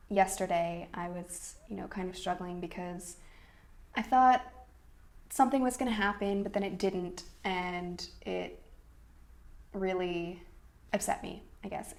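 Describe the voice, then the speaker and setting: A young adult woman, a coach, talking candidly to camera about loss and telling a personal story with quoted dialogue. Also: fairly low pitch. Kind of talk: casual talk to camera.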